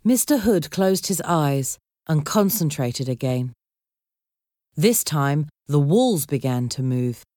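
Lower-voiced woman reading a storybook. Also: expressive, slow pace, warm tone, no echo, studio quality. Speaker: narrator.

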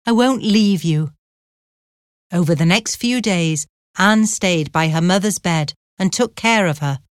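A woman narrating an audiobook chapter in a measured, even storytelling manner. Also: fairly low pitch, clean tone, no room sound, clean studio sound.

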